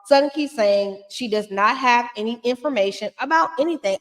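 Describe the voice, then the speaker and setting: A woman's voice: fairly high pitch, expressive, brisk, hardly any pauses, fairly bright tone, in a large hall. A woman giving a casual, blunt and profane recap of a reality show, talking with plenty of sass.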